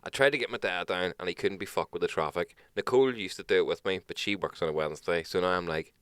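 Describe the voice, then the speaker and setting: Brief: young podcast co-host, low voice, animated swearing storyteller, smooth and dry. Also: male voice, fast talker, dry recording. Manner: animated storyteller, swears freely, acts out others' lines. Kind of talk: casual storytelling chat.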